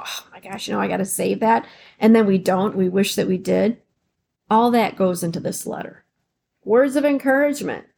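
A woman's voice: a little high, darkish tone. A woman hosting a podcast, giving supportive self-help advice with many encouraging rhetorical questions. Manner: fillers and restarts, emotional at times. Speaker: podcast host.

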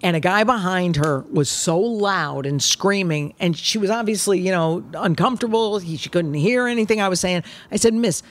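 A middle-aged woman comedian chatting casually, telling stories in a brash, animated way and swearing freely. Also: fairly low pitch, moderate pace, few pauses. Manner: brash, animated storytelling with profanity. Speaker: comedian guest. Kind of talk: casual chat.

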